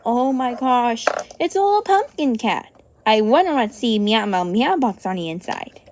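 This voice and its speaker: A woman narrates a children's toy play story in a very high, animated voice. She talks slowly, gasping with delight and stretching her words in a sing-song way. Faint music runs underneath.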